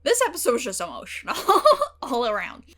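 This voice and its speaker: Young woman, casual vlog chat, emotional and animated, lots of fillers, slightly high voice. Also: fairly quick. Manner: emotional, animated, heavy use of fillers and swearing. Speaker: reaction channel host. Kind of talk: casual talk to camera about a TV episode.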